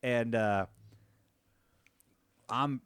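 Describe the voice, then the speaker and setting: A man co-hosting a podcast who tells a story in casual chat, swears freely and jumps into a high voice when he quotes people. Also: very slow, a bit bright, smooth, no room sound, clean studio sound. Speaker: podcast co-host.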